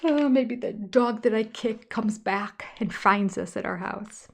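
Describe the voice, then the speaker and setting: A woman's voice: mid-range voice, measured pace, creaky. An older woman hosting a casual livestream commentary, talking in a gossipy, exasperated way that slips into mocking whispers. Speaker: reality TV reviewer.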